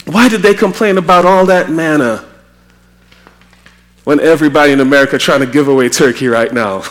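A man from Trinidad preaching a sermon, animated and acting out quotes with a raised voice. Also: on the high side.

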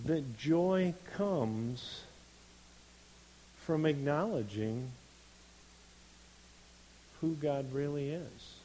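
A man preaching a sermon in an earnest, unhurried way, building to emphatic stresses on key words. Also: on the high side, expressive, warm tone, a little hiss or hum, rough recording.

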